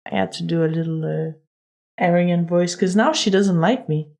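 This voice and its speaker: A woman's voice: on the low side, normal speed, creaky, dark tone. A woman streamer giving casual, chatty commentary while playing a game, joking and laughing often. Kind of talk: casual let's-play commentary.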